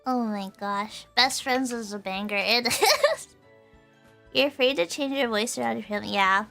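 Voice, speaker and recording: A woman's voice: on the high side, moderate pace, gravelly, soft background music. A young adult woman streaming a casual chat, reading viewer comments and often breaking into giggles. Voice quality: giggly, bubbly. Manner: animated, playful, often breaking into laughter.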